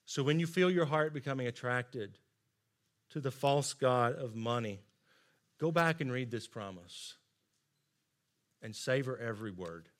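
A middle-aged man preaching a sermon, earnest and emphatic, often dropping to soft asides. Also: mid-range voice, unhurried, pauses often. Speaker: pastor.

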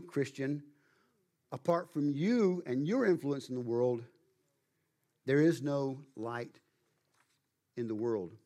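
Emphatic male pastor preaching. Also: on the high side. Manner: emphatic, slows down to stress words. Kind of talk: sermon.

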